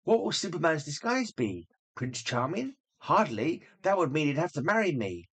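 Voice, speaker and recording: A man voicing Lois Lane as a curious, suspicious young woman while reading a comic book aloud, with excited, questioning exclamations. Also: fairly high pitch, normal speed, breathy edge, exaggerated voice.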